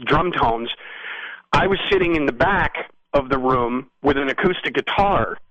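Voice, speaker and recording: Male musician guest, bright forceful storyteller, rambling and animated, dry close sound. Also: medium pitch, measured pace, no echo, muffled recording. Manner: frequent "you know what I mean". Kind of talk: casual storytelling interview.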